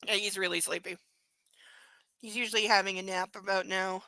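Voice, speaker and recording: A woman's voice: medium pitch, steady tone, moderate pace, pauses often, sharp tone, no echo. A woman streaming a live book reading from home, breaking in with blunt, crude, sarcastic asides. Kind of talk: live reading with casual commentary.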